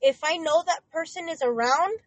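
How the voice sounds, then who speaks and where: High-voiced animated woman co-host. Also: normal speed, no echo, poor audio. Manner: animated, mixes Spanish into English, swears. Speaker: podcast co-host. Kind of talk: casual podcast chat.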